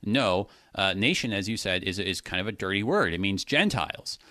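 A man's voice: fairly low pitch, expressive, moderate pace, sharp tone, no echo, studio quality. A man explaining a point of Greek word order in a casual Bible discussion, thinking aloud with many restarts.

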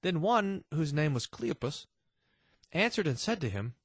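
A man with a husky, somewhat high voice teaches a Bible passage conversationally. His pitch swings widely as he drops chuckling, delighted asides. The sound is close and dry. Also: very animated, a little slow, no echo.

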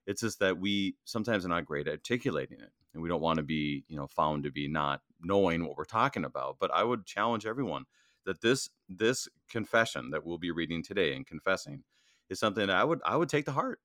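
A man's voice: low voice, animated, brisk, a bit bright, no echo, studio quality. A man who is a church district president, talking earnestly about faith with fillers and restarts, and reading passages aloud. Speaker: district president co-hosting a Lutheran study podcast. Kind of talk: casual theological discussion and reading aloud.

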